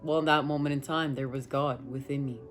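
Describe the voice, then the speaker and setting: Talking casually about spiritual matters, this tarot reader shares a personal story with viewers, rambling emphatically and sometimes swearing. Her voice is extremely low with fairly even intonation, delivered briskly over faint background music.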